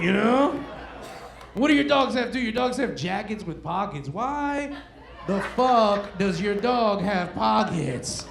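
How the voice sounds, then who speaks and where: A man works a comedy club crowd with casual, crude banter. His voice sits high and has a gravelly edge. The room is echoey, with faint crowd noise behind him. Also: lively intonation, moderate pace. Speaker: stand-up comedian. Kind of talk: stand-up comedy set.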